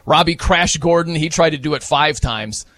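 A man hosting casual sports talk, animated, often laughing and jumping higher for emphasis. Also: moderate pace.

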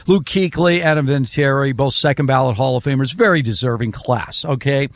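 An older man hosts a casual sports debate, making emphatic points and reeling off statistics at length. His voice is mid-range and brisk.

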